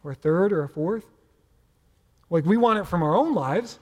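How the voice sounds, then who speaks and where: A man's voice: sits high, lively intonation, normal speed. A man preaching a sermon as pastor, in a conversational, playful way with asides. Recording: reverberant hall.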